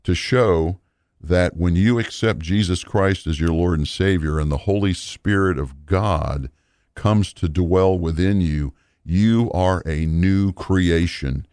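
A man teaching the Bible in a slow, deliberate, explanatory way, returning to his program from last time. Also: low-pitched, darkish tone, dry recording, clean studio sound.

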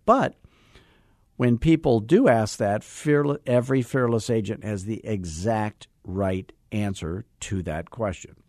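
A man's voice: medium pitch, measured pace, no echo, studio quality. A man coaching real estate agents in a podcast lesson, acting out sales dialogues and drilling lines in emphatic repetition. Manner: animated, acts out sales dialogues.

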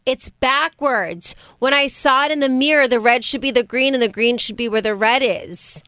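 A woman's voice: on the high side, moderate pace, clear, resonant tone, no echo, studio quality. A woman co-hosting a morning radio show, telling stories expressively and chatting casually. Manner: expressive storyteller.

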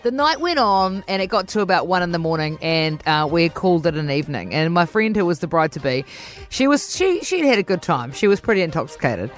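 A woman, a podcast host telling an animated story in casual chat and acting out her own quotes. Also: fairly quick, soft background music. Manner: lively, acts out her own quotes in a higher voice.

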